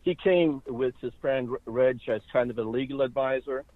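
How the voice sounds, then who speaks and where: A man's voice: medium pitch, moderate pace, dry recording. Man in his 60s with a Boston accent on a tinny phone line. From Ireland. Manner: steady, conversational storytelling with fillers. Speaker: guest. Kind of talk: phone interview, personal story. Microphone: phone call.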